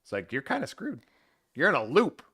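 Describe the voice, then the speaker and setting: Animated, bright-voiced man joking around. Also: fairly high pitch, fairly quick, gravelly, husky, no echo, studio quality. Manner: animated, playful, jokey. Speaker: podcast co-host. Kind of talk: casual joking chat.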